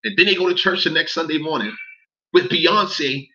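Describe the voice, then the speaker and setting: A man's voice: fairly high pitch, moderate pace, pushed and bright, muffled recording. A man, ranting in a casual livestream, talking straight to his chat, repeating himself and swearing as he gets worked up. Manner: heated, profane, repeats phrases, talks to chat. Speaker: livestream commentator.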